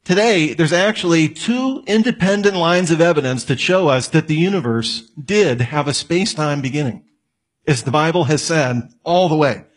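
A man's voice: on the high side, normal speed. A man giving a conversational lecture, asking his listeners questions and adding joking asides. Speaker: apologetics teacher. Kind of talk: lecture on evidence.

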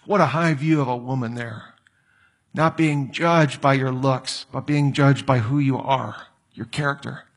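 A man's voice: mid-range voice, steady tone, a little slow. A man preaching a sermon, reading scripture and breaking into joking asides. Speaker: pastor.

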